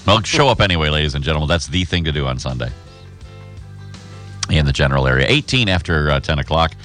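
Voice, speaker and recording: A man with a very low voice hosts a local radio show in a folksy, joking way. His pitch swings freely as he chats. A faint music bed plays under him. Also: animated, quick pace, a bit bright. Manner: folksy, chatty, self-deprecating. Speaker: radio host. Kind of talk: casual radio banter.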